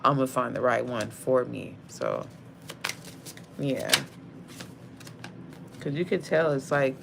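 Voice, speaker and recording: A woman's voice: a bass voice, creaky, a little hiss or hum. A young woman giving a casual tarot reading, blunt and slangy with lots of profanity, calling the viewer sis. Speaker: tarot card reader.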